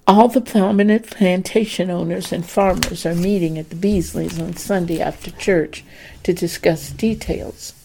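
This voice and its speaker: A woman's voice: on the low side, moderate pace, vocal fry, slight background noise. A woman voicing a spirited, emotional young plantation-owner's daughter in a period story. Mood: distressed. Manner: emotional and pleading, lively.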